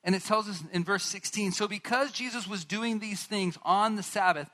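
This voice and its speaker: A man preaching a sermon, retelling a Bible story with animated asides and acted-out lines from its characters. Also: high voice, moderate pace. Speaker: pastor.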